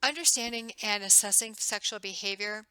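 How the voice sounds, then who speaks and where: A woman's voice: medium pitch, moderate pace, bright, forceful tone, clean tone, no room sound, rough recording. A woman instructor giving a recorded lecture in a conversational way, acting out the questions she would ask patients. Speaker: nursing instructor.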